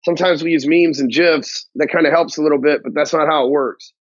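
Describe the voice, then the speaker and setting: Guy with a kinda high voice ranting about business, cusses a lot, dull dry audio. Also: fairly even intonation, a little fast, no room sound. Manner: blunt, heavy swearing, slangy grammar. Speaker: business coach. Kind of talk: profane motivational talk to camera.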